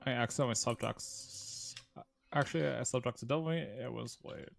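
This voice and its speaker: Gravelly laid-back man on a stream. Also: medium pitch, moderate pace, slight background noise. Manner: laid-back, hesitant, trailing off. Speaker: co-host guest. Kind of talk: casual live-stream chat.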